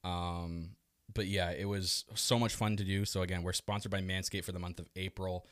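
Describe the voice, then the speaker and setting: A man hosting a casual podcast, lively and swearing freely, talking with a burned tongue. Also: sits low, moderate pace, smooth, dry recording, clean studio sound. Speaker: podcast host. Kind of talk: casual live podcast chat.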